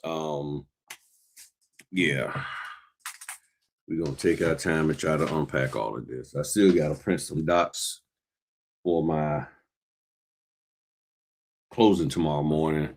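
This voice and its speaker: A man's voice: a bass voice, slow, pauses often, darkish tone, a little hiss or hum. A man hosting a casual livestream about the notary business, slightly winded, greeting viewers by name while he works on paperwork. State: a little winded.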